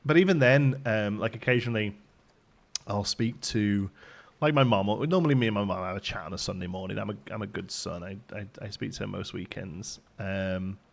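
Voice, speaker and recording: A man in his thirties with a softened Midlands accent, hosting a game livestream in rambling, chatty talk and laughing often. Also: lowish voice, brisk, vocal fry. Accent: softened Midlands English. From English Midlands. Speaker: livestream host. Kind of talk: casual chat while streaming a game.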